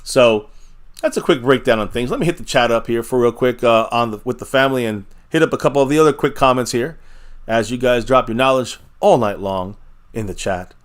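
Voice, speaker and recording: A man hosts a live fan stream, talking loosely and reading viewer comments aloud as they come in. His voice sits at an ordinary middle pitch, and he is energetic in the way of a regular sports chat host. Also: fairly quick.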